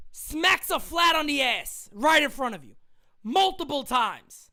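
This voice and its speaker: A woman co-hosting a live sports fan show, telling an animated story in casual chat with vivid sound effects. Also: high voice, normal speed.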